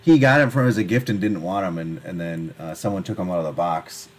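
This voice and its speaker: A man's voice: low-pitched, fairly quick, rough recording. A man co-hosting a casual podcast, talking in a dry, laid-back, wry way. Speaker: podcast co-host.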